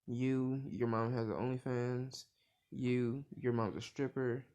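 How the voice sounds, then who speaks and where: A man's voice: medium pitch, flat delivery, a little mellow. Man doing a brash foul-mouthed hero boy. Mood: defiant. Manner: rapid crude trash talk.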